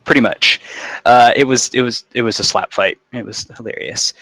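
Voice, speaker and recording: A man's voice: medium pitch, moderate pace, sharp tone, a little hiss or hum. A man running a live-streamed tabletop game, recapping the last session in a casual, joking way with frequent restarts. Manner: casual, joking, self-interrupting. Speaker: dungeon master.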